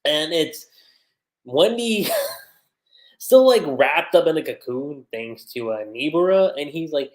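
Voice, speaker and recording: A man chatting casually on a livestream as an anime reviewer, speaking from his home desk setup in an animated way. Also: fairly high pitch. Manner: chatty, animated, acts out character lines in quick voices.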